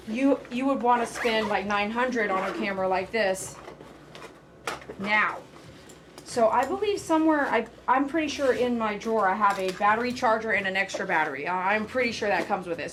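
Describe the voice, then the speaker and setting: Woman, pet groomer hosting a live stream, loud and talkative, slightly high voice. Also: slight background noise. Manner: chatty sales pitch. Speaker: pet groomer and livestream host. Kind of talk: casual livestream chat.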